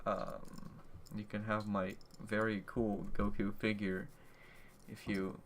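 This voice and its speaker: A man's voice: on the low side, flat delivery, slow pace. A man co-hosting a casual improvised role-play podcast from a bedroom, giving short, dry replies. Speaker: podcast co-host and player. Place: bedroom at home. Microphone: home podcast microphone. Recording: noisy home recording with clicks.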